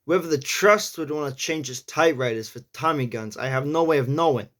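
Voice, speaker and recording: A man's voice: a little high, a bit bright, close to an everyday voice. A man doing a gangster-style New York accent, reading play lines carefully and stressing each T. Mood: tough. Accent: New York (imitated). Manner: deliberate, stressing each T with the tongue tip.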